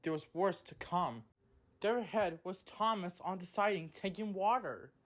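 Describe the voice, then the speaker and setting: A woman narrating a children's train story in a slow, simple storybook manner. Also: fairly low pitch.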